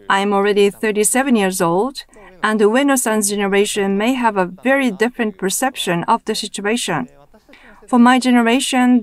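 A woman interpreting a roundtable discussion into English as a voice-over, speaking in a measured, even way with the odd restart. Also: fairly high pitch.

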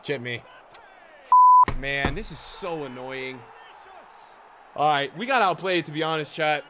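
A young man streaming a football video game, chatting casually with his viewers and swinging from low mutters to excited shouts, full of slang. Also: measured pace, heavy background noise. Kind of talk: live gameplay commentary.

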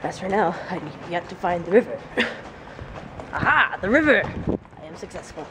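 A young woman chatting excitedly as she walks and narrates her travel vlog outdoors, recorded on a handheld camera. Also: fairly low pitch, normal speed. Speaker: vlogger. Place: city streets and gardens outdoors. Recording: handheld camera outdoors with loud street noise.

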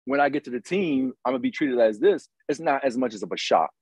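Husky, emphatic middle-aged man. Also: medium pitch, animated, quick pace, darkish tone, no room sound, rough recording. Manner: emphatic, motivational, repeats phrases. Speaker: podcast host, retired Green Beret. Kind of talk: casual conversation.

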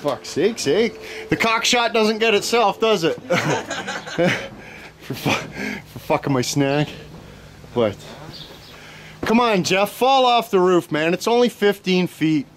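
High-voiced crude guy. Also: expressive, slow, long pauses, a bit bright, a little hiss or hum. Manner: crude, profane, joking. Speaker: vlogger filming friends. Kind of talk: casual outdoor banter. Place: outdoors at a house. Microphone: handheld camera.

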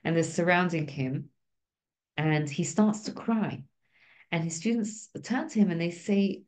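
A woman's voice: fairly low pitch, a little slow, darkish tone. A woman teaching a Torah class in an informal, conversational way, often checking in with the listeners. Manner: conversational, keeps asking "right?".

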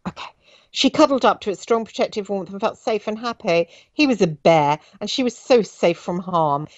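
A woman reading her own memoir aloud, breaking off into flat, wry asides, on dull dry lo-fi audio. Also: medium pitch, normal speed, no echo. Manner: flat, wry asides between read passages.

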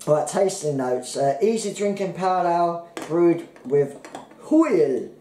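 A man co-hosting a casual beer tasting podcast, who reads the labels out haltingly and stumbles over the words. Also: a little high, big pitch swings, dark tone, reverberant, poor audio. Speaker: podcast co-host.

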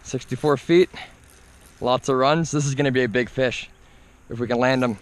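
This fishing vlogger, a young man, records himself fishing from a boat on a lake, excitedly talking through every catch. He speaks to his dog as he fights the fish, in a mid-range voice with a steady tone and moderate pace.

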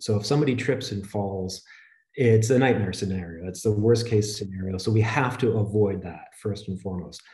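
A man with a fairly low, mellow voice presents slides in a steady, conversational manner. His voice carries a noticeable echo from the room. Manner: steady explanatory delivery, conversational. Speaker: webinar presenter on flooring.

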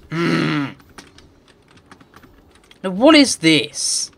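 A man's voice: a little high, big pitch swings, slow pace, vocal fry, long pauses, fairly bright tone. A man giving let's play commentary, muttering to himself and swearing in frustrated rants. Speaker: gamer.

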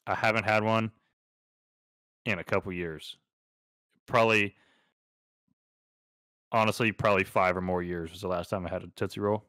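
A man's voice: on the low side, steady tone, normal speed, pauses often, bright, forceful tone, clean tone, no echo, clean studio sound. A young man from Texas co-hosting a casual podcast, easygoing and jokey. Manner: easygoing, jokey, laughs often. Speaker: podcast co-host. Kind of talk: casual chat.

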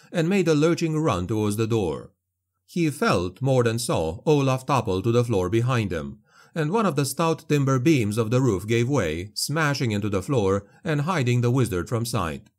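A man narrating a dark fantasy audiobook in a steady, dramatic storytelling manner. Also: mid-range voice, moderate pace.

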